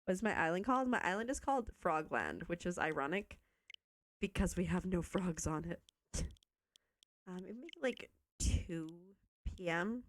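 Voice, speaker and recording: A young Canadian woman streams herself playing a video game and chats casually with viewers, bubbly and teasing herself. Her voice is on the low side with big pitch swings, and she talks at a normal speed.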